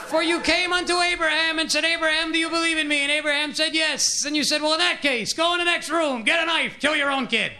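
A man's voice: very high voice, steady tone, quick pace, few pauses, pushed and bright, pitched above the performer's own voice, heavily acted. A man putting on a droning sing-song priest. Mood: pompous. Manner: pompous sing-song preaching, repetitive. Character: droning, frustrated middle-aged male priest. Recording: live audience laughter and room noise.

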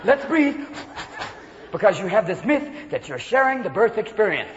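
A male stand-up comedian performing a manic routine, shouting and jumping in and out of voices before a live audience. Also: high-pitched, big pitch swings, fairly quick, noisy background. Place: large venue with a live audience. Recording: lo-fi live hall recording with crowd.

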